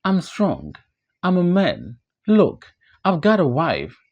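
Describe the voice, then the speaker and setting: A man's voice: huge pitch swings, slow, a little mellow, muffled recording, heavily acted. A man voicing a desperate adult man in an audiobook play reading, pleading and emphatic. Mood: anguished. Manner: pleading, emphatic, swings widely in pitch.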